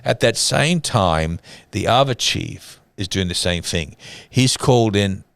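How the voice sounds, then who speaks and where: Middle-aged guy, really low voice, dry close sound, acts out the lines as he tells it. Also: lively intonation, unhurried, creaky, fairly bright tone, no echo. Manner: dramatic storyteller, acts out quotes. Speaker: church podcast co-host. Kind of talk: casual storytelling chat.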